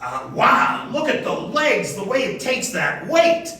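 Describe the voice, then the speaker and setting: Guy hosting improv on stage, high lively voice, slow-ish, echoey far-off sound. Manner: animated, playful audience prompting. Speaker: improv host. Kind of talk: hosting a live improv game. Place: stage in a hall before a live audience. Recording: echoey hall, recorded from far off.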